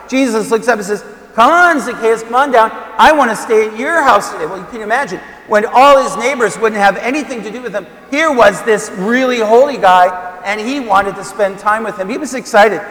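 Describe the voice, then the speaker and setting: A Catholic priest with a high-pitched voice and a fairly bright tone gives a homily in a loose, conversational style. He relies on fillers and repeats his main points for emphasis. The roomy recording carries the long reverb of a church hall.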